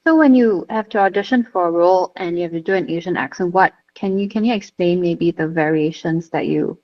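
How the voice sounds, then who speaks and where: A woman's voice: on the low side, a little fast, no echo, highs cut off. Curious woman interviewer in a humming clip. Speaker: interviewer in a film. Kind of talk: casual interview.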